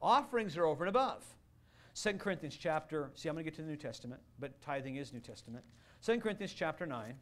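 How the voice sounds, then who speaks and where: A man preaching a sermon as a pastor, animated and playful, with bursts of loud excitement. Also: fairly high pitch, fast. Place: church sanctuary.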